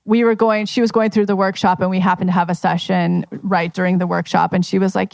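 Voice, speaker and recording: A woman's voice: fairly low pitch, fairly quick, creaky, few pauses, dry recording. A woman manifestation coach talking casually to a live audience, telling stories in a chatty way full of fillers. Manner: chatty, filler-heavy, storytelling. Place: live event at a members' club.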